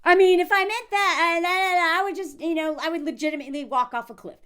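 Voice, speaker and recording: A young adult woman giving blunt, animated reaction commentary with quick asides. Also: very high voice. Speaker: commentary vlogger.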